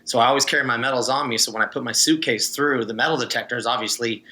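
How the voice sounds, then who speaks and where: A former swimmer, a man, is the guest in a casual interview, spinning easygoing stories and laughing often. His mid-range voice comes out fast, bright, and forceful.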